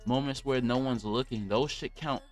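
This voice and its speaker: A man's voice: mid-range voice, normal speed, soft background music. Young man ranting on a livestream. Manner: rambling, profane, blunt ranting. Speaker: podcast host. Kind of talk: casual livestream podcast chat.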